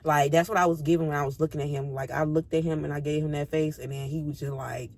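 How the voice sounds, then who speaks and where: A woman vlogger telling a casual storytime, slangy and profane, talking straight to her viewers and jumping between low mutters and high squeals. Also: steady tone, fast, a little mellow.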